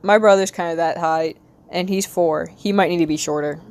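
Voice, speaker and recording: An American woman with a light Southern accent, rambling casually to her stream while she draws, talking to herself with quick bursts of excitement. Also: on the low side. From United States. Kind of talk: casual live-stream chat while drawing.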